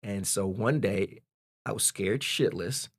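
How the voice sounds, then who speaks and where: A man in his forties, a podcast guest telling a personal story in a candid, animated way. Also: on the low side, slow pace, slightly rough, no room sound, studio quality. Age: 40s. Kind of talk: casual storytelling.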